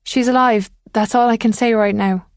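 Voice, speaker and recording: A woman reading an audiobook, voicing a determined woman officer who coaxes a lost girl gently. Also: on the high side, fairly even intonation, normal speed, dry recording, studio quality, voice pushed up, close to an everyday voice. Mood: urgent. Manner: urgent but gentle, coaxing.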